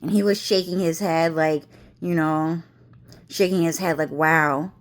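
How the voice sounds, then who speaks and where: A woman's voice: on the low side, steady tone, normal speed, darkish tone. Woman on a profane rambling rant. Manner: heavy swearing, agitated, repetitive. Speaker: vlogger. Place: at home.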